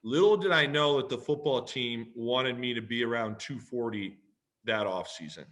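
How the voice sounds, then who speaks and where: A man, a podcast guest telling a story in a lively, profane way and acting out both sides of the conversation. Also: mid-range voice, normal speed. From Canada. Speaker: podcast guest, pro football player. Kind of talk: casual storytelling.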